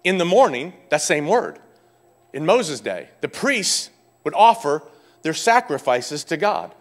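A male pastor preaching a sermon with fervent energy, rising to loud exclamations and dropping to quiet explanation. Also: on the high side, very animated, measured pace.

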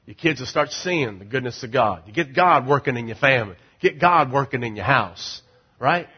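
A middle-aged man preaching as pastor, urging the crowd to repeat lines and swinging from loud rising calls to low, confiding asides. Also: expressive, moderate pace, slightly rough, dull audio. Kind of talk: sermon.

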